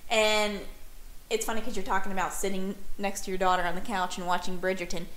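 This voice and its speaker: A woman's voice: mid-range voice, flat delivery, a little fast, a bit bright. A woman co-hosting a podcast in casual chat, teasing and prodding her partner playfully. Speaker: podcast co-host. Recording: roomy echo.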